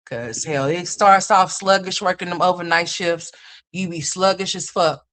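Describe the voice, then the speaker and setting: A woman in her fifties hosts a livestream, speaking at normal speed in a slightly bright voice on the low side. She tells blunt, profane stories to her chat and laughs at her own jokes.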